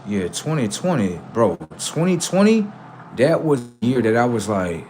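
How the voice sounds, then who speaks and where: A man hosting a livestream, telling casual stories to his viewers in an animated way, swearing freely and acting out voices. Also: mid-range voice, moderate pace, a little hiss or hum. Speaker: livestream host.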